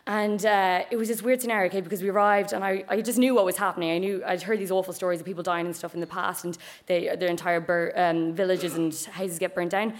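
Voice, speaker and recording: A woman's voice: fairly low pitch, steady tone, quick pace, few pauses. A young woman with an Irish accent telling a story, chatty and full of asides. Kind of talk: live storytelling.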